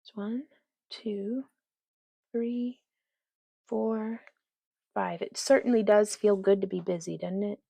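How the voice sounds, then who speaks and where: A woman's voice: mid-range voice, fairly even intonation, slow, creaky, long pauses, mellow, slightly rough, no echo. A woman hosting a casual crafting livestream, chatting as she works and reading viewer comments aloud. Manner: chatty, reads viewer comments aloud, talks to her dog.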